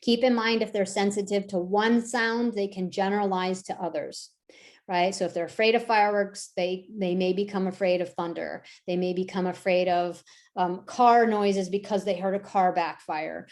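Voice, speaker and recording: A woman leads a dog-training workshop at a mid-range pitch. She talks casually and keeps checking in with her listeners. Now and then she acts out the people and dogs she quotes. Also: steady tone, moderate pace, darkish tone. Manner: conversational, acts out quoted voices, frequent "right?" tags. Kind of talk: online workshop talk.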